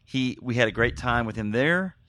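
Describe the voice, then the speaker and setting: A man hosting a podcast, rambling in excitable, apologetic stories. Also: medium pitch, moderate pace, dry recording. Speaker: podcast host. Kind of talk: casual podcast chat.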